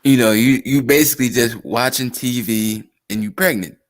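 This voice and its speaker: A man's voice: medium pitch, moderate pace. A man co-hosting a casual chat, joking and laughing often, with stammered restarts. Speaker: podcast co-host.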